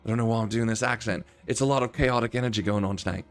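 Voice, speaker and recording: Rambling low-voiced man running a game. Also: brisk, faint music behind. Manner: chatty, rambling, with many fillers. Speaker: game master. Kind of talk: casual stream chat and narrating a tabletop game.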